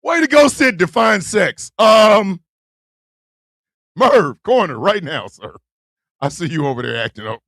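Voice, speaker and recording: A man hosting a live stream, talking loud and profane and laughing often. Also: high voice, expressive, a little slow, gravelly, pauses often, dry recording, studio quality.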